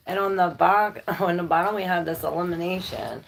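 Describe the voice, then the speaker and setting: A woman's voice: fairly low pitch, sing-song, moderate pace, creaky, hardly any pauses, background noise. A woman giving a casual, rambling tarot reading, thinking aloud and laughing and swearing now and then. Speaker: tarot reader.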